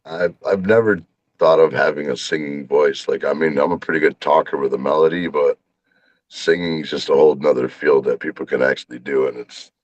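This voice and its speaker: A man guesting on a podcast in casual chat, with a very deep voice and a laid-back, low-key way of talking. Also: steady tone, a little fast, no room sound, muffled recording. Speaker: guest content creator.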